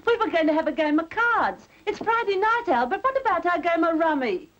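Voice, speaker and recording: A woman's voice: very high-pitched, sing-song, a little fast, a bit bright, full character voice. An actress playing a clinging, reproachful widowed mother in a 1960s TV drama. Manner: reproachful, wheedling. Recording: dull 1960s TV audio with faint hiss.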